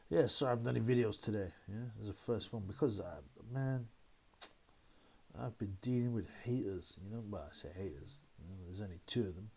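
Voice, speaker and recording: Brief: male host, slightly low voice, loose rambling chat with laughs. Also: brisk, dark tone, husky. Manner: rambling, laughing, mocking impressions of critics. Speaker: boxing channel host. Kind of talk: casual solo commentary.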